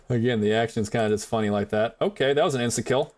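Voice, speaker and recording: A man's voice: mid-range voice, brisk, a little mellow. A young man chatting rambly to his viewers while playing a game live, talking into a desk mic. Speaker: streamer. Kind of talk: live gameplay commentary.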